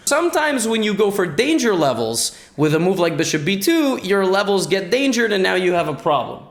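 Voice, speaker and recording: A man's voice: high voice, expressive, a little fast. A man giving joking chess commentary in a playful, wisecracking way. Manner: playful, wisecracking, jumps into silly voices. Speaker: chess YouTuber.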